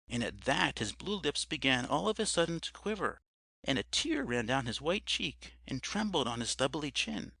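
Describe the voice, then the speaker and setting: A man's voice: mid-range voice, very animated, normal speed, gravelly, pushed and bright, slightly rough, no room sound. A man reading a story as an audiobook narrator, telling it expressively and often addressing the listener as sir.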